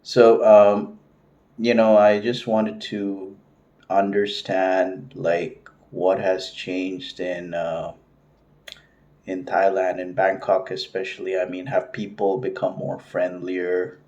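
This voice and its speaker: A middle-aged man talks to camera in a loose, rambling way, stacking fillers and restarting his sentences. His voice sits very low. The sound is dull and lo-fi. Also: completely flat delivery, slow pace, a little mellow. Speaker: vlogger. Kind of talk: casual talk to camera.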